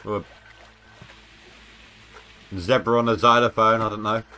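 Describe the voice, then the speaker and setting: A man's voice: lowish voice, fairly even intonation, a little slow, sharp tone, soft background music. A man streaming a video game live, chatting casually and joking as he thinks aloud about his progress. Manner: rambling, jokey, thinking aloud. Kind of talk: casual gameplay commentary.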